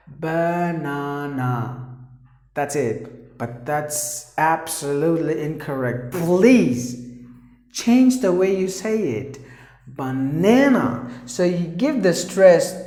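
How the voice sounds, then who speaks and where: Slow, echoey male teacher. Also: a little high, dark tone. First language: Tamil. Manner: slow, repetitive, drills words aloud. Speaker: English pronunciation teacher. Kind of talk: pronunciation lesson. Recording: echoey room.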